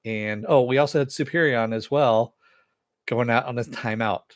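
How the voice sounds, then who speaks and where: A man's voice: mid-range voice, normal speed, dry recording. A middle-aged man casually recapping and reviewing a TV episode, rambling with many fillers and chuckles, and reading chat comments aloud. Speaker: TV show reviewer.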